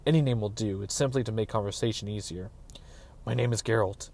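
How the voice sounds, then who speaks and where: A man reading aloud, voicing a calm, terse monster hunter who speaks quietly and flatly. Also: fairly low pitch, brisk, creaky. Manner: quiet, flat, clipped. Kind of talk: dramatic audiobook reading.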